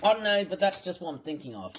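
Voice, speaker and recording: A gaming video host giving rambling commentary, halting with many fillers and restarts, and trailing off quietly at the ends of phrases. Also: medium pitch, big pitch swings, noisy background.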